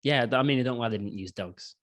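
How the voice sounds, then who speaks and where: This is a young man chatting loosely on a film review podcast. He rambles, swears freely and keeps restarting his sentences, in an even, mid-pitched voice. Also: very fast. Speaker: podcast co-host. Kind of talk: casual film review banter.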